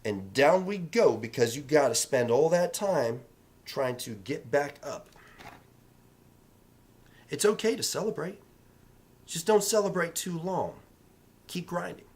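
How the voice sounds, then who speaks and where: A man's voice: fairly high pitch, lively intonation, unhurried, long pauses. A man in real estate speaking in a casual vlog, giving emphatic, repetitive motivational advice in a coaching tone.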